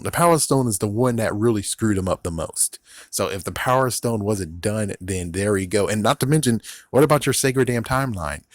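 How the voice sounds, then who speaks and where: A man's voice: on the low side, dry recording, studio quality. Sweary, sarcastic man ranting. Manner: profane, sarcastic, incredulous; rambling, repeats "it's like". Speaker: TV series reviewer. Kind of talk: rambling casual review.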